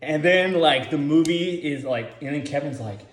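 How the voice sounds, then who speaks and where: A man's voice: on the high side, animated, moderate pace, echoey room. A man giving rambling, profane casual commentary, full of filler words, as the host.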